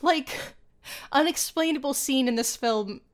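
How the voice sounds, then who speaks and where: A woman's voice: sits high, unhurried. A young woman co-hosting a podcast, chatting casually about a film, giggly and full of slang and fillers. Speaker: podcast co-host. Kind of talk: casual chat reviewing a film.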